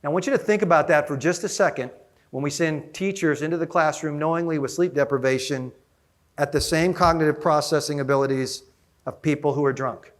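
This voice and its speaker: A man giving an energetic conference keynote, often asking the audience questions. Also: on the high side, brisk. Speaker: conference speaker.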